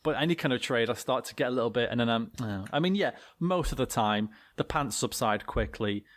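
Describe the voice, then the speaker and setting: A man's voice: medium pitch, animated, brisk, a bit bright. Jokey British man on a podcast. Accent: British English. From England. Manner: jokey, exaggerated, laughs often. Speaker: podcast co-host. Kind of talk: casual banter.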